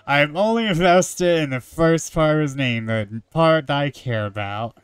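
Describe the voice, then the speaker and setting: A man's voice: a little high, measured pace, clean tone, no echo, clean studio sound. A man reading a story game aloud and adding wry, joking asides. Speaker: gamer.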